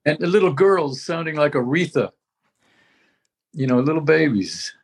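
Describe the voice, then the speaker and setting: A man's voice: a little high, expressive, moderate pace, breathy edge. An older man talking casually as a veteran musician, rambling and reminiscing with many restarts. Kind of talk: casual conversation.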